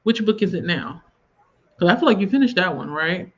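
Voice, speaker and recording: A woman's voice: lowish voice, lively intonation, fairly quick. A woman with a Southern US accent, hosting a casual livestream and chatting at length as she reads viewer comments aloud. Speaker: livestream host. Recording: slightly dull lo-fi stream audio.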